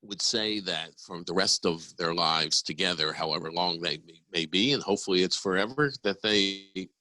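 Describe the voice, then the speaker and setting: Bright-voiced rambling male podcast co-host. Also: low-pitched, moderate pace, dry recording, poor audio. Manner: rambling, restarts often, joking. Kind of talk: casual bickering chat.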